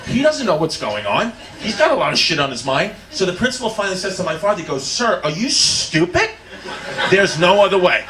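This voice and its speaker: A man doing stand-up, telling a story loudly with frequent laughter and a drunken slur. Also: sits high, huge pitch swings, a little fast, faint music behind. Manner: loud, laughing, drunken delivery. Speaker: stand-up comedian. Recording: comedy club recording with ambience.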